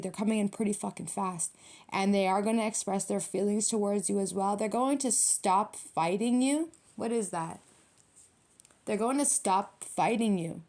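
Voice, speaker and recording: A woman's voice: mid-range voice, a little mellow. A young adult woman giving a casual tarot reading, blunt and profane, full of street slang and emphatic repetition. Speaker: tarot reader.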